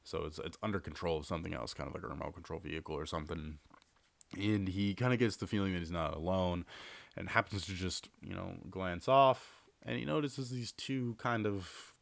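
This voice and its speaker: A man's voice: low voice, fairly quick, gravelly, no room sound. A man hosting a podcast, casually telling a long story with lots of fillers and restarts. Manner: rambling, filler-heavy, repeats himself. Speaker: podcast host.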